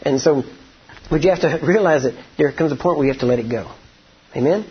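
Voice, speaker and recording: Husky preacher man. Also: fairly high pitch, fairly quick, lo-fi sound. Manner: conversational, asks the congregation for agreement. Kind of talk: sermon.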